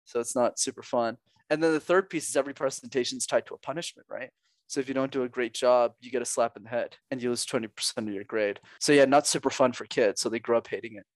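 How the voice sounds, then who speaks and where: A man's voice: medium pitch, quick pace, no room sound. A young man from Montreal, a public speaking coach, chatting upbeat in a podcast interview and laughing often. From Montreal, Canada. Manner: upbeat, laughs often, acts out quoted voices.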